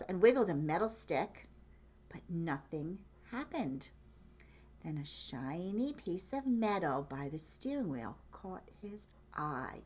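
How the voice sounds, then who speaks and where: A woman reads a picture book aloud at an easy, unhurried pace. Her pitch rises and falls with lively expression, and she chuckles as she points out the pictures. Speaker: storyteller.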